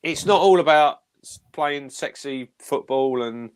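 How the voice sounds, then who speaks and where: A man discussing football in casual chat, weighing his words with pauses. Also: medium pitch, clear, resonant tone. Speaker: football pundit.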